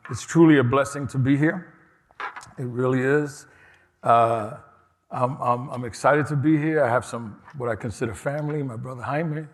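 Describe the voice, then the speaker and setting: A man from New York City with a New York accent, giving a casual, personal conference keynote with frequent restarts. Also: mid-range voice. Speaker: keynote speaker. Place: large conference hall. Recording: reverberant hall.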